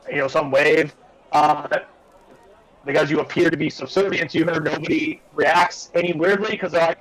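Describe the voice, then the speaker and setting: A man's voice: fairly high pitch, a little fast, a bit bright, some chatter behind, poor audio. A man narrating a tabletop game as game master, casual and rambling with many fillers.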